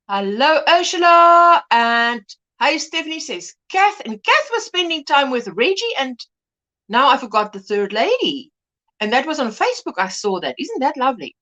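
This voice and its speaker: A woman chats away on her livestream, greeting one viewer after another by name and laughing often. Her voice sits high and swoops up and down with bright expression, like a friendly host chatting from her home setup. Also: very animated, unhurried.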